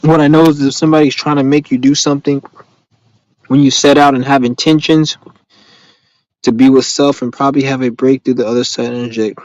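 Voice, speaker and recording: A man's voice: mid-range voice, a little fast, no echo, dull audio. A man chatting casually on a live stream, answering viewers in rambling, profane street slang and telling stories with animation. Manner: animated storytelling.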